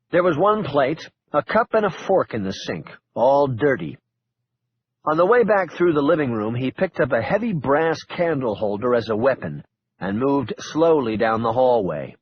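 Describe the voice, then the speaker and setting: Husky, animated male audiobook narrator. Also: medium pitch, highs cut off. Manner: wry, dramatic storytelling. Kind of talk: scripted narration.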